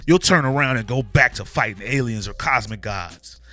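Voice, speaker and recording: A man voicing a gruff, menacing male bar boss who makes threats. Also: medium pitch, normal speed, sharp tone, lightly acted. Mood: threatening.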